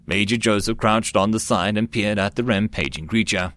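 A man narrating a web-novel audiobook in a steady storytelling manner. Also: fairly low pitch, moderate pace. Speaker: audiobook reader.

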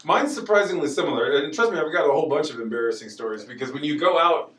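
A man in casual podcast chat, telling stories in an animated, excitable way. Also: a little high, fast, reverberant, far from the mic.

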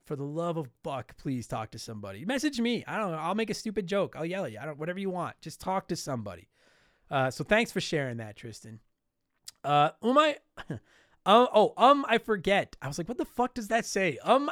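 A man with a high, smooth voice hosts a casual podcast and reads listener letters aloud. He slips into profane rants now and then. The sound is close and dry, with no room echo. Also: fairly bright tone. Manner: profane, ranting bursts. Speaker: podcast host reading listener mail.

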